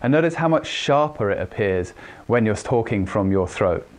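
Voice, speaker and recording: Man, communication trainer, instructional talk, mid pitch, measured delivery. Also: a little mellow. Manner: demonstrates voice pitch and speed while explaining.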